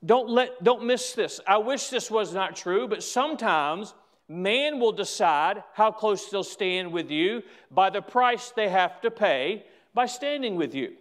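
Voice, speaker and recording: Slow, deliberate high-voiced preacher. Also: male voice, lively intonation. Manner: slow, deliberate preaching with stretched emphasis on key words. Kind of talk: sermon.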